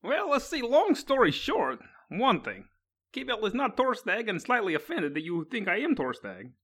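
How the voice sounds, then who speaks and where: A man's voice: high voice, huge pitch swings, fairly bright tone, breathy edge, exaggerated voice. Brief: brash young seaman, short-fused, as a player voices him. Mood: indignant. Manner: blunt, quick to insult. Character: young male sailor, blunt and hot-tempered.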